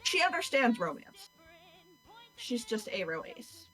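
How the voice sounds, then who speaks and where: Woman, casual chat, excited, casual swearing, faint background music. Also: a little high, slow pace, poor audio. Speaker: streamer's friend.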